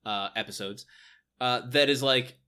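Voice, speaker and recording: Male podcast co-host, bright sharp tone, wry critic. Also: mid-range voice, measured pace, smooth. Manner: wry, critiquing, laughs often. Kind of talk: casual chat recapping a sitcom episode.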